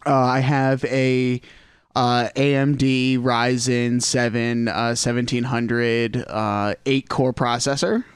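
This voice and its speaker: A man co-hosting a podcast, easygoing and halting with fillers as he talks. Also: mid-range voice, little pitch movement, clean tone, no room sound. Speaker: podcast co-host. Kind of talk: casual chat.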